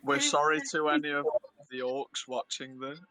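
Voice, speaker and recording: Animated, joking man. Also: fairly high pitch, moderate pace, crowd noise, rough recording. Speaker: player. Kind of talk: casual tabletop play.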